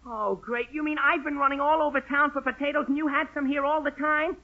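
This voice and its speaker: An actor playing an excitable, good-natured teenage boy who stammers and blurts out exclamations, in 1940s radio sitcom style. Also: very high voice, a little fast. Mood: puzzled. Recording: muffled 1940s radio broadcast with audience.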